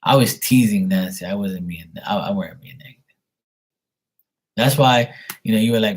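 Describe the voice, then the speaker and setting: A man with a husky, fairly low voice hosts a late-night livestream. He rambles in a chatty, teasing way and talks to his viewers by name. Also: moderate pace, long pauses. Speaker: livestream host reading paid questions.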